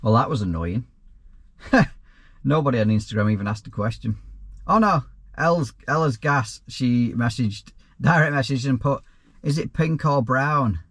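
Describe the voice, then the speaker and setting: A man's voice: medium pitch, lively intonation, normal speed, fairly bright tone, slightly rough. A man, a self-employed plumber, answering viewer questions in a casual, rambling vlog with dry asides. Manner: easygoing and rambling, with frequent restarts and dry asides.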